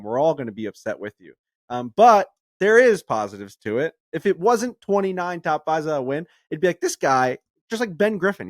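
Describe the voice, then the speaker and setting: Animated man on a golf podcast. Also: mid-range voice, no echo, clean studio sound. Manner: animated, swings loud when worked up. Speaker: podcast co-host. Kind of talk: casual chat.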